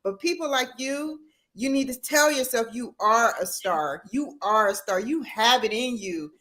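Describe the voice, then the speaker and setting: High-pitched lady host, gushing and encouraging, chatty interview. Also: measured pace, fairly bright tone. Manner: effusive, encouraging. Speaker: talk show host. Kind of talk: casual interview.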